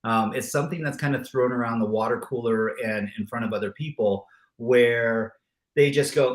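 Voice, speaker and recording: A man's voice: mid-range voice, normal speed. Male co-host, reflective, rhetorical, echoey room sound. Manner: reflective, rhetorical questions, animated asides. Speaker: co-host of a live talk show. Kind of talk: casual live chat.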